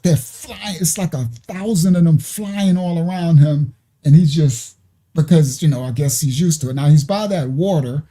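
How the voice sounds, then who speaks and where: A man with a fairly high but very dark, mellow voice talks casually to his audience. He chats and hesitates his way through a reaction video, addressing the viewers as "y'all.".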